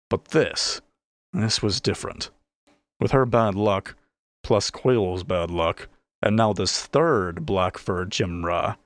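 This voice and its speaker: Man narrating a fantasy tale, lively. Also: fairly low pitch, dry recording. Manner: expressive storytelling. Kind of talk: audiobook narration.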